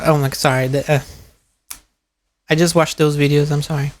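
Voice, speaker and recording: A man's voice: a little high, little pitch movement, moderate pace, pauses often. A man, streaming and chatting casually, telling stories with frequent laughs and swearing. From Brazil. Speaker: streamer reacting to a video. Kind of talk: casual chat.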